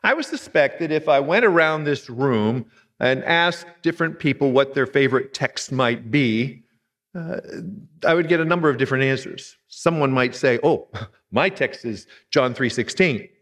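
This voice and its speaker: A man's voice: medium pitch, animated, moderate pace, a bit bright, long reverb tail. A man in his sixties from Pennsylvania, a retired pastor preaching a sermon with folksy, humorous storytelling. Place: church sanctuary.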